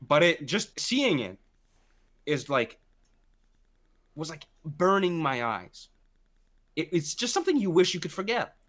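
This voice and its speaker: A man's voice: on the high side, big pitch swings, unhurried, pauses often, a bit bright. Rambling, foul-mouthed male podcast co-host. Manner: rambling, swears often, restarts a lot. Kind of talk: casual chat.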